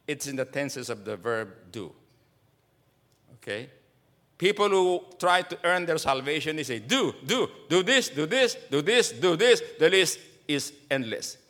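A man's voice: mid-range voice, pushed and bright. A man in his seventies preaching a sermon to his congregation, emphatic and full of rhetorical questions. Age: 70s. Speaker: pastor.

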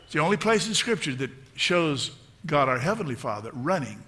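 A man's voice: fairly high pitch, sing-song, moderate pace, pushed and bright. A man, a middle-aged pastor, preaching a sermon with emphatic repeated phrases.

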